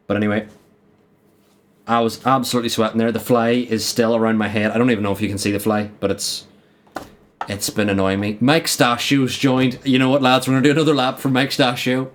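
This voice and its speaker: A man's voice: mid-range voice, level tone, a little fast. A young man streaming a racing game live, joking around and swearing in frustration as he talks to his chat.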